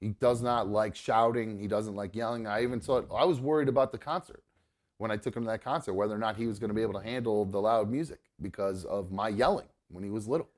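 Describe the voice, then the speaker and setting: A man's voice: lowish voice, fast. A middle-aged man hosting a talk show, telling a long personal story in an earnest, rambling way. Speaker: podcast host. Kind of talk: casual chat. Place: studio.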